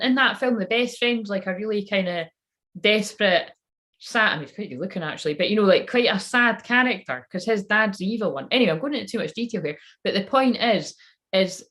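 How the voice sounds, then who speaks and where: A woman's voice: medium pitch, fairly bright tone. Rambling woman, swearing. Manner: rambling, swears freely, talks straight to viewers. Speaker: spiritual channeler. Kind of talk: live channeling stream, casual rambling chat.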